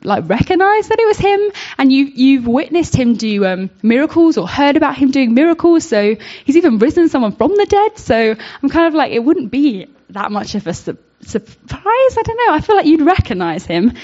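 A woman with a fairly high voice talks through a Bible passage in an informal, searching way. She restarts often and leans on fillers as she thinks aloud. The recording sounds dull and lo-fi. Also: very animated, normal speed, hardly any pauses, darkish tone. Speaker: speaker giving a Bible reflection. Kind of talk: informal devotional talk.

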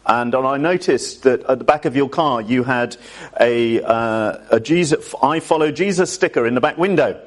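A man's voice: medium pitch, moderate pace, lightly acted. A man with an English accent voicing a polite, apologetic male police officer in a story told during a sermon.

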